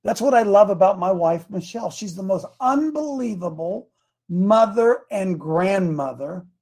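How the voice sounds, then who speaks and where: A man's voice: high-pitched, expressive, a little slow, darkish tone. An older man hosting a talk show, speaking in an emphatic, fired-up, preachy way.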